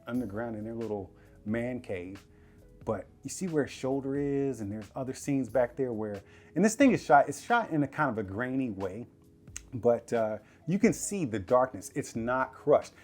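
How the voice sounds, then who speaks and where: Lively, chatty male tech vlogger. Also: mid-range voice, normal speed, soft background music. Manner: chatty, laughing, slangy, addresses viewers directly. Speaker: tech reviewer. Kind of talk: casual product review vlog. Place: living room at home.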